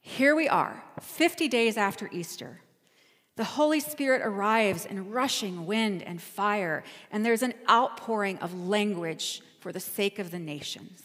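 A woman's voice: medium pitch, unhurried, fairly bright tone, big-room sound. A woman pastor giving a sermon, telling a travel story in a conversational, storytelling way. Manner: storytelling, conversational, self-correcting.

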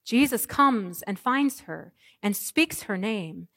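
A woman pastor preaching an Easter sermon, moving from hushed, soft lines to ringing proclamations. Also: mid-range voice, expressive, slow pace, creaky, dry recording.

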